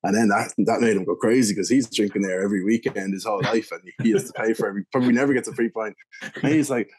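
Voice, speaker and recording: A young Irish man telling a pub story as an interview guest. His voice sits a bit low, and he rambles loosely, circling back with fillers and restarts. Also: fast talker, a little mellow, a little hiss or hum. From Ireland. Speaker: guest, beer reviewer.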